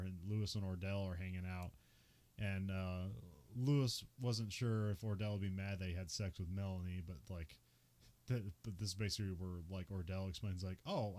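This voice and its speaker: A man's voice: fairly low pitch, a little mellow. Man rambling through a movie recap. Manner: rambling, lots of "like" and laughs. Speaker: podcast host. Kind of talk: casual movie recap chat.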